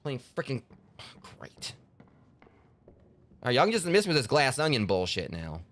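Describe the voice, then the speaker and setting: A man's voice: mid-range voice, huge pitch swings, moderate pace, fairly bright tone. A man hosting a gaming channel, rambling and joking through casual let's play commentary. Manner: rambling, joking, lots of fillers.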